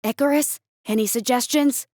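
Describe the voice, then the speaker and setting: A woman voicing a determined young male human student who speaks low and steady. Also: moderate pace, dry recording, studio quality, lightly acted. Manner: low, steady, through gritted teeth.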